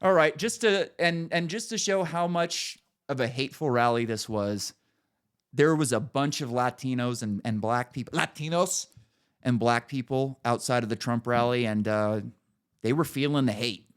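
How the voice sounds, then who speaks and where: A man's voice: mid-range voice, moderate pace, clear, resonant tone. A middle-aged man hosting a podcast, talking in crude, mocking casual chat. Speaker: podcast host.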